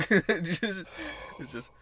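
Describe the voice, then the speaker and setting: A man's voice: high-pitched, fairly bright tone. A man co-hosting a podcast, chatting playfully and teasing with laughs. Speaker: podcast co-host. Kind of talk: casual podcast chat.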